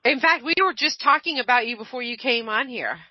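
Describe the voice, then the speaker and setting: A woman hosting an online radio show in casual chat, blunt and animated, swearing freely. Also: a little high, a little fast, no echo. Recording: dull lo-fi online radio, dry.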